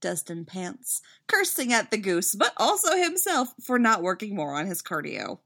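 A woman reading a fan story aloud with lively, expressive narration. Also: mid-range voice, normal speed, creaky. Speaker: fanfiction reader.

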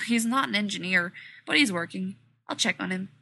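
A brusque, impatient male scientist who gives orders in short, clipped bursts, as a woman reads him. The voice is bright and a little husky. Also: mid-range voice, expressive, a little fast, full character voice. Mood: curt. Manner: curt and demanding.

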